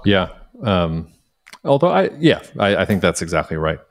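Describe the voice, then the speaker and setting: Low-voiced man thinking out loud. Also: very animated, moderate pace. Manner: hedging, thinks aloud with many restarts. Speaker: podcast co-host. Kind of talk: casual podcast chat.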